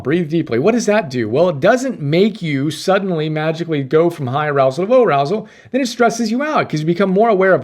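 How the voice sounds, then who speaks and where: A man hosting a short self-help class, explaining ideas in an energetic, emphatic way and often checking in with "right?". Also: on the high side, quick pace, hardly any pauses. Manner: enthusiastic, emphatic, often tags statements with "right?". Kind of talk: energetic casual teaching monologue.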